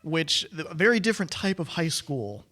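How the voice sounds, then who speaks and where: A young man chats casually as a podcast co-host. His voice sits a little high, and he is laid-back and quick to laugh. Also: very animated, background noise. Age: young adult. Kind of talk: casual chat.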